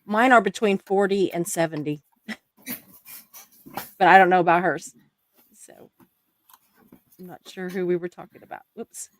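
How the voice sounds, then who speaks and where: An accented woman hosts a casual live stream, reading out viewer comments with frequent laughter. Her voice sits a little low, and the sound is dry and close with no room around it. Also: fairly even intonation, a little slow, long pauses, dry recording. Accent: non-native English accent. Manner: chatty, laughs often.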